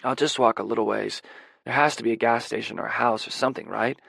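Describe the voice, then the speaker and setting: A shaken young man, voiced by a male narrator, rambling and cursing as he talks, his voice with a gravelly edge. The sound is dry and close to the mic, with no room around it. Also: medium pitch, fairly even intonation, fast, a bit bright, no room sound. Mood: anxious. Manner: breathless rambling, swearing. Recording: dry close audiobook recording.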